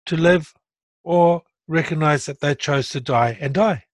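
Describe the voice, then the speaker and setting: Unhurried and on the high side, a middle-aged man's voice carries his story of recovering from a stroke, recorded without room sound. He talks casually but bluntly and earnestly, brightening into animation as he retells.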